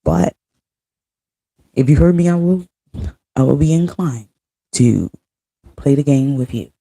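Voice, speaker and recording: A woman's voice: very deep voice, animated, unhurried, warm tone. A woman in her thirties ranting to her viewers in a casual vlog, blunt and heavy on profanity. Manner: blunt, profane, venting angrily. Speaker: vlogger.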